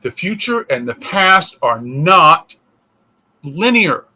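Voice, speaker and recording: A man with a fairly high, bright, sharp-edged voice gives a casual spiritual teaching as an interfaith minister. He thinks aloud, restarts his sentences, and slips into little acted-out inner voices. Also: sing-song, slow.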